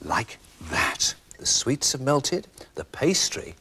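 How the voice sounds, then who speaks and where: A man's voice: medium pitch, huge pitch swings, takes it slowly, noisy background. Playful English man, wildly swooping voice. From England. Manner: playful, theatrical showman. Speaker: co-presenter. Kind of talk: children's TV demonstration.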